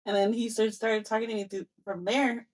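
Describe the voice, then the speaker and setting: A woman's voice: a little high, a little slow, breathy edge. Chatty young woman telling a story. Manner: animated storyteller, acts out quoted exchanges, mixes in Spanish phrases. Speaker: podcast co-host. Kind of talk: casual storytelling chat.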